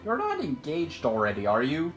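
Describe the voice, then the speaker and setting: A man's voice: fairly high pitch, huge pitch swings, normal speed, soft background music. A man doing a curt, impatient teenage hero.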